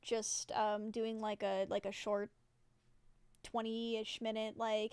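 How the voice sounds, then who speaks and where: A young woman chats loosely with her live viewers, drifting from one thought to the next, filling gaps with "like" and frequent giggles. Her voice sits fairly high and comes across smooth and clear. The sound is dry and close. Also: completely flat delivery, a little slow, darkish tone, dry recording. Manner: rambling and giggly, many fillers like "like". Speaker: livestreamer. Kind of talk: casual chat with live viewers.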